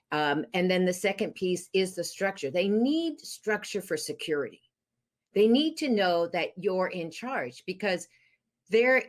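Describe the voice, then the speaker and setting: A woman coaching parents on divorce, explaining steps earnestly with frequent fillers. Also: on the low side. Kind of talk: podcast interview advice.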